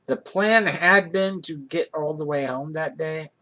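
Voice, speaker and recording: A man's voice: a little high, unhurried, pushed and bright. A man from the Johnstown area telling a casual personal anecdote in a rambling way, with many restarts. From Johnstown area, USA. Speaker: vlogger.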